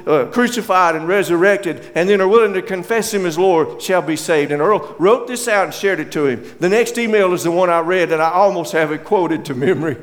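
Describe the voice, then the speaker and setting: A man preaching a sermon as pastor, slowing down and dropping to a hush when he quotes emotional lines. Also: on the high side, in a large hall.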